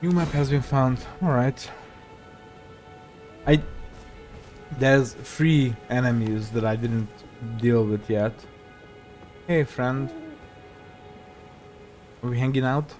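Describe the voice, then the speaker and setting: A man's voice: mid-range voice, takes it slowly, pauses often, a little mellow, soft background music. Joking man narrating his gameplay. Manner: joking, swears at enemies. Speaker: gaming video creator. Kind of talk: casual gameplay commentary.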